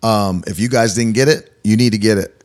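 Upbeat low-voiced male podcast host. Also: a little fast. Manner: upbeat, energetic, chatty with fillers. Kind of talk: casual interview chat. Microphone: studio mic.

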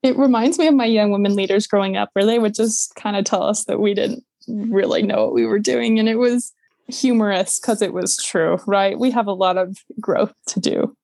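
A woman's voice: medium pitch, expressive, moderate pace, creaky, a little mellow, dry recording. A woman taking part in a book discussion, speaking candidly with a light humor. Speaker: discussion participant. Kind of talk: casual discussion.

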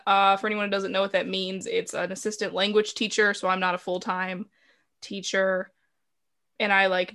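A woman's voice: medium pitch, a bit bright. Teasing, blunt young woman co-host. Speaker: podcast co-host. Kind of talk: casual chat.

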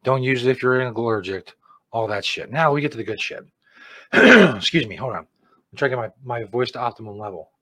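A man hosting a comedy show, mocking a commercial with crude jokes and loud put-on outbursts. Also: mid-range voice, animated, fairly quick, no room sound. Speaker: comedy host reacting to an ad.

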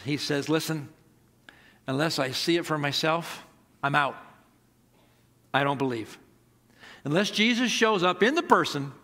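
A man preaching with a high, ringing voice. He tells the story in an animated way and voices the characters' words himself. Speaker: pastor. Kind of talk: sermon.

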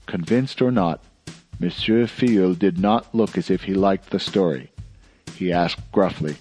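A man narrating an audiobook in a steady, measured storytelling manner. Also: sits low, soft background music. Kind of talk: scripted narration.

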